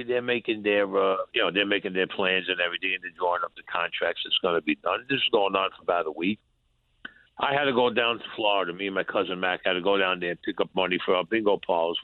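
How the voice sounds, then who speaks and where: A man's voice: low voice, no echo. A man telling a story in an interview, acting out both sides of old conversations in blunt, profane street talk. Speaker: guest, former mob enforcer. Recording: tinny phone line.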